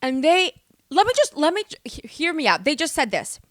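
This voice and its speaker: A young woman from the United States, hosting a podcast and telling stories in a loud, animated, swearing way. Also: high-pitched, normal speed, no room sound, clean studio sound. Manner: animated, swearing, exaggerated storytelling. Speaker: podcast host. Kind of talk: casual storytelling monologue.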